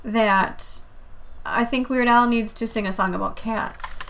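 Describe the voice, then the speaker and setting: Bright-voiced woman podcast co-host. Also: a little high, steady tone, measured pace, vocal fry. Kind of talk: casual chat.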